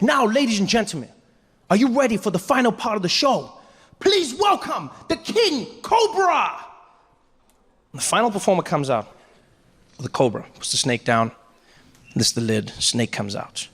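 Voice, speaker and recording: A man telling a stand-up story on stage, animated and playful, acting out other voices. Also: medium pitch, long reverb tail. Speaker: stand-up comedian. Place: live comedy stage.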